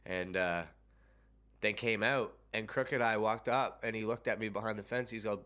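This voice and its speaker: A young man casually telling a personal story on his vlog, excited and swearing often. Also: lowish voice, moderate pace.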